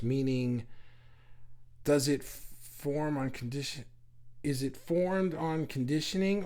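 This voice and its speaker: A man's voice: medium pitch, darkish tone. A middle-aged man with a New York accent, hosting a casual live chat, reading viewer comments aloud, laughing often and stumbling over his words.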